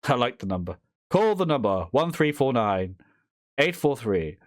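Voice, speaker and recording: A man's voice: medium pitch, sing-song, normal speed, dry recording, studio quality. A man rambling jokily through a horror game playthrough, reading the game's text aloud and slipping into silly voices. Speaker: gaming YouTuber.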